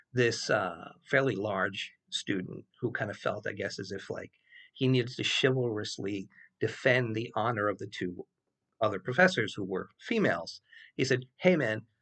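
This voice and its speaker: A professor in his sixties, with a husky voice on the low side, tells a rambling personal story in a loose, casual way. He is animated, acts out the voices of people he quotes, swears freely, and fills his speech with fillers.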